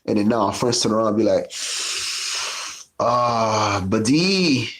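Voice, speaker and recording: Low-voiced man in loose profane history chat. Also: level tone, quick pace. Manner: loose, profane, storytelling with asides. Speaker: podcast host.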